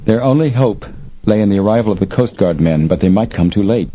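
A man narrating an adventure audiobook in an expressive, steady storytelling manner. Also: lowish voice, brisk. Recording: dull lo-fi recording, faint hiss.

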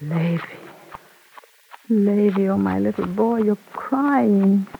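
A woman playing a tender, grieving mother comforting her son in a radio drama, soft and soothing. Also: medium pitch, takes it slowly, creaky, slight background noise. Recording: tinny phone-like old recording.

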